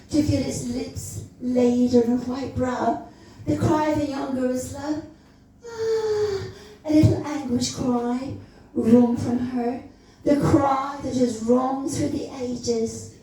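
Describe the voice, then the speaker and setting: Slow, teasing woman storyteller. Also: high-pitched, warm tone. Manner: lingering, savouring, teasing delivery with playful swoops. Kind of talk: dramatic literary reading at a live event. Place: club room at a live event. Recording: very echoey room, voice far from the mic.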